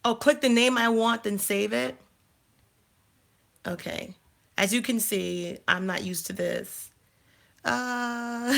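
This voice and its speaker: Woman host, unhurried and gravelly, talking to herself as she clicks through settings. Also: on the high side, a bit bright. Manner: chatty, thinking aloud while fumbling through settings. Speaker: life coach and channel host. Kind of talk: casual live-stream chat.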